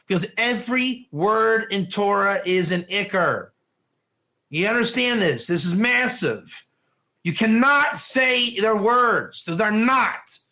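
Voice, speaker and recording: A forceful man runs an online Torah lesson in a high, bright voice, peppering his listeners with one question after another. He sounds like a teacher hammering his point home to a live audience.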